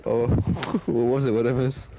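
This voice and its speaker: A man's voice: mid-range voice, steady tone, a little slow, dull audio, background noise. A man on a game voice chat, insisting defensively that his friends were talking about him. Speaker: teammate. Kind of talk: casual gaming chat.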